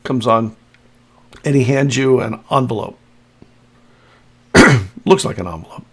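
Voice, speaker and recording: A man in the middle of his range runs a tabletop game as game master. He describes scenes in a loose, halting way, restarting phrases as he goes. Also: medium pitch, fairly bright tone, breathy edge.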